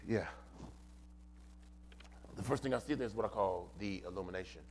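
A man's voice: low voice, moderate pace, slight background noise. A pastor preaching a sermon in a church, building rhythmic repeated refrains and calling out to his congregation. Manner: impassioned preaching with rhythmic repetition and calls to the congregation.

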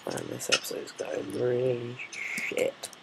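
A man's voice: mid-range voice, wildly swooping pitch, slow, gravelly, very noisy. A man casually commenting on his own gameplay, muttering, swearing and thinking aloud while he builds. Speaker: gameplay video maker.

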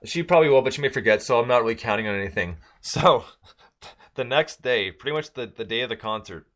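A man's voice: mid-range voice, animated, fast talker, fairly bright tone. A man from Michigan telling a casual story on a podcast, rambling with many fillers and restarts.

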